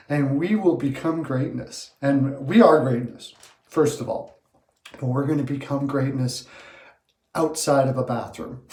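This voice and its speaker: A man hosting a sports picks video, talking in a playful, self-mocking, rambling way from his bathroom. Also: a little high. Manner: playful, self-mocking, animated swings in loudness. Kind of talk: rambling comic monologue. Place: small bathroom. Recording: echoey small room.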